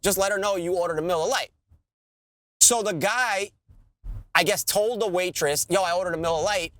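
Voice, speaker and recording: A man's voice: high-pitched, no echo. A man, co-hosting a podcast and ranting in casual, profane chat. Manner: animated, swearing ranter. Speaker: podcast co-host.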